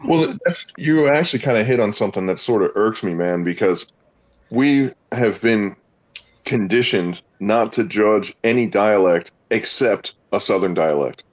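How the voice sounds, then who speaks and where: A man with a low voice that swings widely in pitch speaks with emphatic irritation. He talks in a loose, casual way on a stream call. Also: lively intonation, a little slow. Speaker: stream participant. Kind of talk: casual chat.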